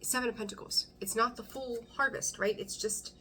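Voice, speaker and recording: A woman's voice: fairly high pitch, fairly even intonation, normal speed, pushed and bright, a little hiss or hum. A woman doing a casual tarot reading for her channel, chatty and blunt, swearing freely and laughing between cards. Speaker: tarot reader. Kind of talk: casual intuitive reading to camera.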